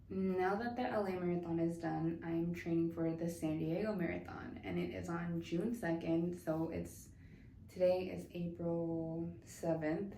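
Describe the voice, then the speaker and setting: A woman's voice: on the low side, fairly even intonation, unhurried, mellow. A young woman from the southwestern United States telling a story in casual chat, with many fillers. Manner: chatty, filler-heavy storytelling. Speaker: vlogger. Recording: echoey room, faint noise.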